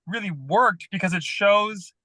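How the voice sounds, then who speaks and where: Male actor-type co-host, high and bright, dry close mic, opinionated casual talk. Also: a little slow, no echo. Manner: chatty, opinionated about filmmaking. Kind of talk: casual movie review chat.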